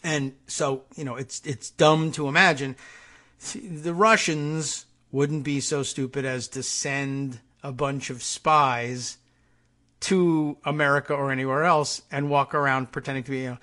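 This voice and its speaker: A man's voice: mid-range voice, steady tone, a little slow, pushed and bright. A man hosting a political talk show who rambles through sardonic, digressive commentary with many asides and filler words. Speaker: podcast host.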